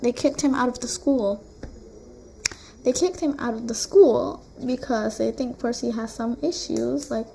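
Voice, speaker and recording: Slow, chatty woman retelling a book. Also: on the high side, a little mellow, a little hiss or hum. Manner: chatty, rambling, full of "like" and asides. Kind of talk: casual retelling of a novel. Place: room at home with a blue wall.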